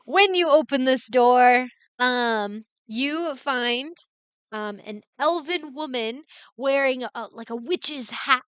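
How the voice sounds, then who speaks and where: A woman game master narrates a tabletop session at an unhurried pace, with many fillers along the way. Her voice is smooth, a little higher than most, and close and dry. The sound is somewhat dull, like an online call. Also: fairly bright tone, dry recording. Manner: rambling, many fillers, giggly.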